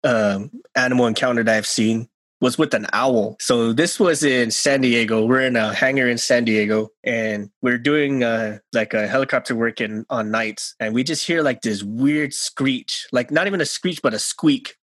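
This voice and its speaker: Regular guy, mid pitch, laid back chatting and telling stories. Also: normal speed, a bit bright. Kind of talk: casual chat.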